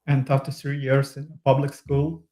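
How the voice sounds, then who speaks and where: A man with a non-native accent, a podcast guest speaking in casual chat, hesitant with many fillers and pauses. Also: mid-range voice, completely flat delivery, warm tone. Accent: Eastern European. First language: not English. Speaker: podcast guest, user group leader. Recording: echoey room.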